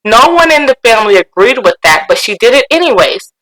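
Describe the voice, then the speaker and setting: A woman co-hosting a podcast, chatting casually and reading forum posts aloud, animated and quick to laugh. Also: on the high side, poor audio. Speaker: podcast co-host.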